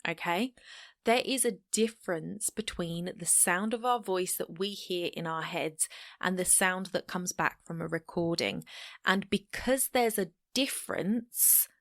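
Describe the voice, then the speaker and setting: A woman's voice: fairly low pitch, a little slow, fairly bright tone, no room sound, clean studio sound. A woman hosting a solo podcast, talking straight to the listener in a chatty, encouraging way. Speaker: podcast host. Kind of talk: solo podcast advice talk.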